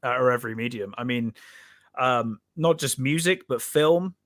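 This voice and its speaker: A man with a Bristolian accent, a little drunk, chatting as a podcast guest, jokey and quick to laugh. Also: mid-range voice, fairly bright tone. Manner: jokey, laughs often, repeats himself. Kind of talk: casual podcast chat. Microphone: home podcast microphone.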